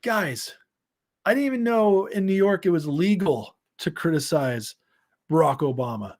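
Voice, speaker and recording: A man's voice: a little high, expressive, measured pace, darkish tone. Sarcastic man hosting a political livestream. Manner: sarcastic, reads headlines and chat aloud, laughs often. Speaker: political commentary show host. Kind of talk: live-stream political commentary.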